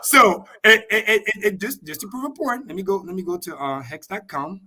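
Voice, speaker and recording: A man on a video call explaining crypto with excitable, profane energy and repeating key points slowly for emphasis. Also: high-pitched. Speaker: crypto show guest. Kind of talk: animated livestream explanation.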